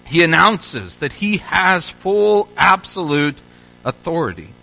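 A man's voice: fairly high pitch, big pitch swings, slow, vocal fry, sharp tone, poor audio. A man from Louisville, Kentucky, preaching a sermon in a conversational way, with frequent restarts and bursts of rising exhortation. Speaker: pastor.

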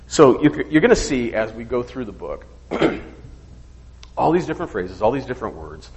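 A man's voice: mid-range voice, big pitch swings, moderate pace, darkish tone, in a large hall, low-quality recording. A man teaching an informal Bible study, asking questions and checking in with "okay?", sometimes stopping to search for words. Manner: conversational, asks questions, frequent "okay?" checks.

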